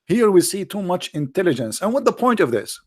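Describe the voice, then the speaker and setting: Very animated and fairly quick, this man's voice sits high with a slightly mellow quality, recorded cleanly in a studio with no room sound. Hosting his channel in an Arabic accent, he streams mocking religious commentary laced with sarcasm and rambling tangents.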